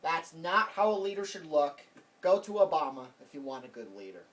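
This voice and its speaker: A man's voice: on the high side, very animated, a little fast, fairly bright tone. Rambling man ranting, distant mic. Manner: rambling, heated, repeats himself. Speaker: vlogger. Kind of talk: casual political rant to camera.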